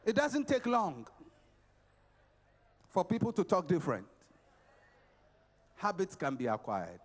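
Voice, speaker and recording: At a conference, a middle-aged man delivers a motivational sermon in a high voice whose pitch swoops wildly, speaking slowly. He is emphatic and repetitive, alternating between shouting and quiet stretches.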